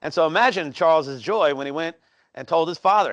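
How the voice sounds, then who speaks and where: A man's voice: a little high, a little fast, fairly bright tone, dry recording. A man hosting an educational history video, talking casually with many fillers and restarts, on location at a historic house.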